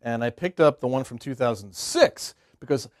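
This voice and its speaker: A man's voice: medium pitch, lively intonation, normal speed, dry recording, clean studio sound. A man hosting a show, talking casually to the camera and rambling with hesitant fillers. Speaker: show host.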